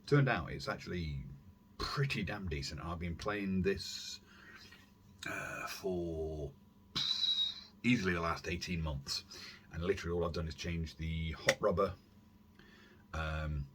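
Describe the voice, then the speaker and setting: A man hosting a casual airsoft gear vlog from his warm room at home, rambling along with self-deprecating asides and filler words. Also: low voice, unhurried, pauses often, background noise. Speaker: airsoft YouTube channel host. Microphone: camera on a stand.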